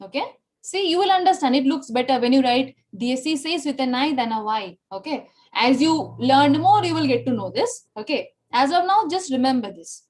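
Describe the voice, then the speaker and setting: A woman's voice: high-pitched, lively intonation, normal speed, a little mellow. A woman teaching a Spanish language class online, explaining patiently and checking in with "okay?" and "right?" after nearly every sentence. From India.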